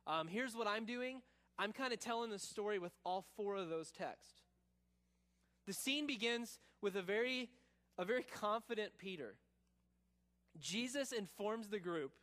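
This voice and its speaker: A man preaching a sermon, telling a story and acting out quotes, then dropping to a quiet, searching tone. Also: sits high, animated, measured pace, pauses often. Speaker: pastor.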